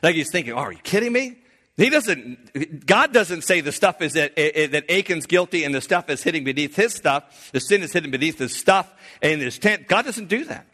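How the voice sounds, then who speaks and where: Forceful, bright-voiced male preacher. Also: a little high, lively intonation. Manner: swings between loud emphatic preaching and hushed, slowed passages; earnest, with frequent restarts and filler. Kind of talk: sermon.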